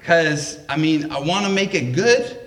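Man, personal storytelling, casual and laughing, higher voice, roomy echo. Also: unhurried, a bit bright. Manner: casual, laughing anecdotal delivery.

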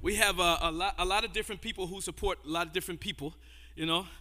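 A man delivers a fiery sermon in a high, ringing voice, repeating himself as he builds. Church music plays faintly behind him. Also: fairly even intonation, quick pace. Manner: shouts and sings out phrases, stammers and repeats words. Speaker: pastor.

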